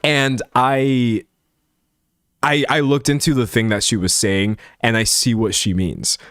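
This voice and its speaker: A man's voice: medium pitch, fairly even intonation, a little slow, fairly bright tone, dry recording. A man in casual live-stream commentary, talking in a chatty, self-correcting way as he reacts to comments. His voice sits in a middle register and is recorded on a dry close mic.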